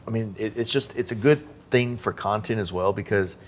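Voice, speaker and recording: A man's voice: lowish voice, a little fast. A man hosting a podcast, chatting casually and loosely with lots of "like" and "you know". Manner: relaxed, loose talk full of "like" and "you know". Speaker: podcast host. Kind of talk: casual interview chat.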